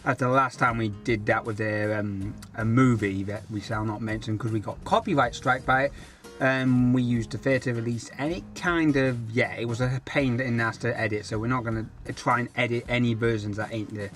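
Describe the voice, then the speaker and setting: A man from England co-hosts a casual chat and lays out the plans in a loose, talky way. His voice sits at an ordinary pitch for a man. Faint music runs behind him. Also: fairly even intonation, a little fast, a bit bright. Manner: explains plans with many fillers and restarts. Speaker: co-host of a reaction channel.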